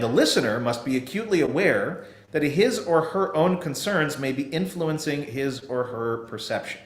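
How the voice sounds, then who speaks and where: Man giving an explanatory sermon in an echoey room. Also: medium pitch. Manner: explanatory, checks in with "okay" and "right". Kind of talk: sermon teaching on scripture. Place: synagogue sanctuary.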